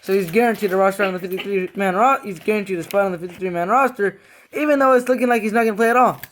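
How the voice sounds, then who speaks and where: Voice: mid-range voice, rapid-fire, a little hiss or hum. A sports fan vlogger giving a casual, rambling rant about the team, repeating themselves in frustration with lots of fillers and restarts.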